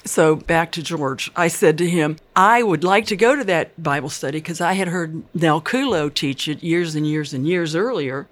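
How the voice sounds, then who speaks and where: A woman's voice: low voice, lively intonation, normal speed, few pauses. Older woman, interviewee, earnest and chatty storyteller who quotes people. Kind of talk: personal life story.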